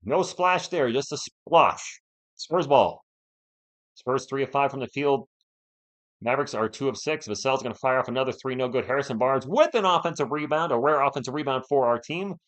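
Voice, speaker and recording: A man's voice: medium pitch, moderate pace. A man hosting a fan live stream, calling the game play by play and bantering with the chat. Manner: animated, partisan, banters with chat.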